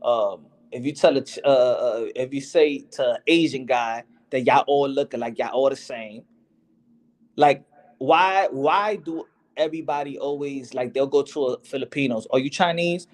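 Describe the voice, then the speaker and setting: A man's voice: medium pitch, normal speed. A man hosting a boxing podcast, talking in a casual, slangy street style. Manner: slangy, loose street talk. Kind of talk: casual chat.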